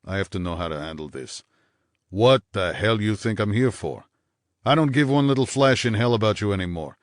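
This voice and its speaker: A man voicing a bitter, menacing husband in an audiobook, snarling low and clipped with contempt. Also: lively intonation, brisk, no room sound, studio quality, natural voice. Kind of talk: audiobook character voice.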